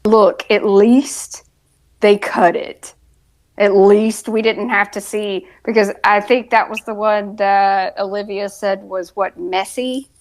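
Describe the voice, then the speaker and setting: A woman's voice: medium pitch, fairly even intonation, slow, poor audio. A woman co-hosting a casual TV review podcast, with dry, sarcastic asides. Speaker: podcast co-host.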